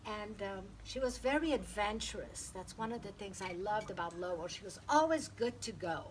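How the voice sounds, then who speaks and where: A woman's voice: mid-range voice, animated, moderate pace, a little hiss or hum, poor audio. A woman giving a heartfelt eulogy at a memorial, telling personal stories and laughing through the funny parts. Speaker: eulogy speaker.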